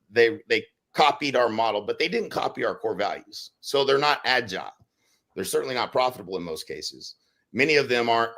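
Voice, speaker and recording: A man speaks in a bright, forceful voice. He talks casually and keeps things animated, breaking into loud acted-out quotes as he tells stories on a podcast. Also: medium pitch. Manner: animated, acts out quotes with sudden loud bursts. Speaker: real estate brokerage leader on a podcast.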